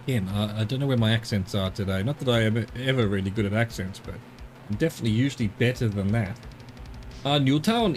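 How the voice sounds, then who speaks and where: A man's voice: on the low side, fast, faint music behind. An Australian man streaming a game, chatting casually and rambling to himself as he explores. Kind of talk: casual live-stream commentary.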